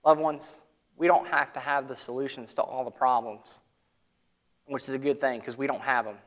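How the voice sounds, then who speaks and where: A male pastor, preaching a sermon in a conversational way that swings from loud emphatic lines to soft, low asides. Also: fairly even intonation, moderate pace.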